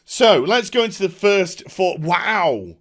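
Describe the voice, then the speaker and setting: Heated, high-pitched ranting man. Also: very animated, takes it slowly, fairly bright tone. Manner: heated, scornful, profane. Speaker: online commentator. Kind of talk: angry rant vlog.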